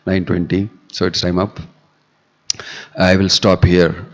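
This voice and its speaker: A man's voice: deep voice, level tone, slow pace. A man giving a scripture discourse, telling the story animatedly and acting out the dialogue. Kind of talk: sermon. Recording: dull, echoey hall recording.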